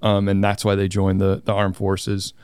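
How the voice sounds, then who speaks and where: Speaking low and in a monotone, a thirtysomething man guesting on a podcast comes across as nervous, talkative, and self-deprecating; he's a squadron commander. The pace is moderate, the tone darkish and smooth, with no echo.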